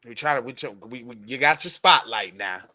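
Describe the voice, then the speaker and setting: A man's voice: medium pitch, expressive, brisk, sharp tone, no room sound. A man co-hosting a podcast in casual, slang-heavy banter, repeating "cuz" and laughing often. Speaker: podcast co-host.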